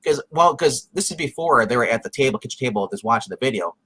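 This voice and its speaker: Animated man recapping a tv episode. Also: medium pitch, breathy edge. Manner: animated retelling, acting out scenes with quick voices. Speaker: podcast co-host. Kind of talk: casual review chat.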